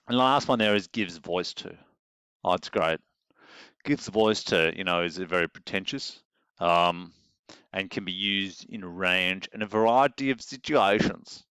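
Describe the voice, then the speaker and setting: A man's voice: on the low side, a bit bright, clean tone, no echo. Wry Australian male English teacher. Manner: wry, joking, rhetorical asides. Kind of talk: classroom teaching. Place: classroom.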